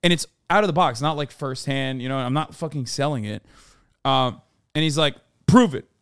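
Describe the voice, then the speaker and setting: A young man hosting a podcast, telling a story in animated, casual chat and acting out quoted people. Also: medium pitch, moderate pace, smooth, no echo, clean studio sound. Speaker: podcast host.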